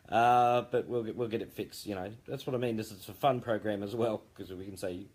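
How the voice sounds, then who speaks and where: A man with a fairly low voice talks through a late-night live update, tired but jokey. He rambles, with plenty of ums and restarts. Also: fairly quick, slightly rough. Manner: chatty and jokey, lots of fillers and restarts. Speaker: founder giving a live update.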